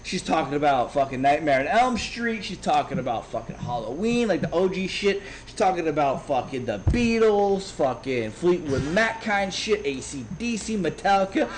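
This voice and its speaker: A man in his thirties from Chicago, telling a profane, animated story in a casual rant while streaming a game. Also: on the high side, normal speed, hardly any pauses, a little hiss or hum, rough recording. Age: 30s.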